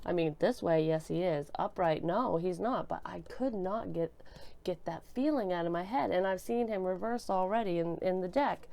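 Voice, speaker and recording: A woman's voice: fairly low pitch, normal speed, vocal fry, mellow. A woman reading tarot cards as a medium, talking bluntly and emotionally with lots of swearing and restarts, into a desk microphone. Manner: blunt and profane, emotional, thinking aloud with many restarts. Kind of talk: casual tarot reading to camera. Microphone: desk microphone she bumps.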